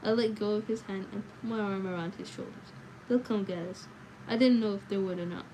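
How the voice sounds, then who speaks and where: A woman reads a novel aloud on a livestream, her voice a little sore, stopping now and then to react casually to the story. Her pitch sits in the middle, and a faint hiss runs underneath. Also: steady tone, fast talker. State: slightly sore voice. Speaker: livestream book reader. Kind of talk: reading a novel aloud with chatty asides.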